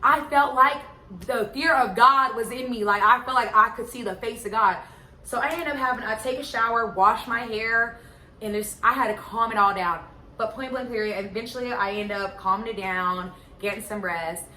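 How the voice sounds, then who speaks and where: A young woman tells a casual storytime, full of filler words, swinging into loud excitement. Her voice sits fairly high and sounds bright and sharp. The room around her is echoey, with a faint hum behind. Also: moderate pace. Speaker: vlogger telling a story.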